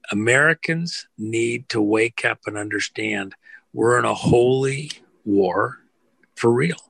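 Gravelly man giving a rousing monologue. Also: lowish voice, a bit bright, no echo. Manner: emphatic, rousing, repetitive lists. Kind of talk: impassioned monologue.

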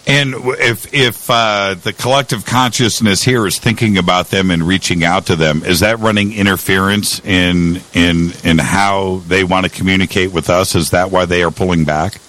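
A man hosting an interview, asking measured questions. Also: deep voice, steady tone, fairly bright tone. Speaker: interview host.

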